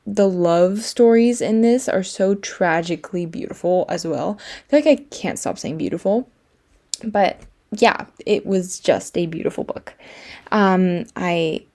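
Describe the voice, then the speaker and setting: A woman's voice: on the low side, mellow. Gushing young woman book vlogger. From France. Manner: chatty, gushing, many fillers and repeats. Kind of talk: casual vlog talk.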